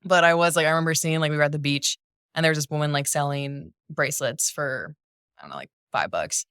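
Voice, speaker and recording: A young woman chatting as a podcast guest, bubbly and quick to laugh, with lots of "like" in her talk. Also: deep voice, fairly bright tone, clean tone, no echo, clean studio sound. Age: young adult. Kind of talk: casual chat.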